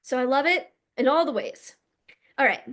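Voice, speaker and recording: A woman's voice: high voice, animated, normal speed, fairly bright tone. A woman healer and coach giving a casual teaching monologue, blunt and emphatic, swearing freely.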